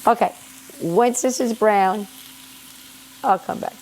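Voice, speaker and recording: A middle-aged woman talks through her cooking in a relaxed, chatty way, her voice a little scratchy from allergies. She sits at an ordinary pitch for a woman and explains every step as she goes. A pan sizzles behind her over a faint background hiss. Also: takes it slowly. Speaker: home cook and channel host. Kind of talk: casual cooking vlog. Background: sizzling pan in a home kitchen.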